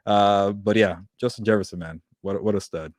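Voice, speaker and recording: A man with a lowish voice banters about football as a podcast co-host. He laughs easily and trips over his words with fillers and restarts. The recording is dry and close, with no room sound. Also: steady tone, normal speed, no room sound. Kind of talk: casual sports chat.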